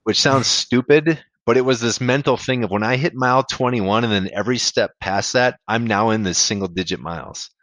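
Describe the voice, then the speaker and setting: A man's voice: mid-range voice, fairly quick, few pauses, fairly bright tone, dry recording. A man being interviewed, telling a candid, rambling story about a hard race, with casual swearing. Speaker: podcast guest, amateur ultrarunner.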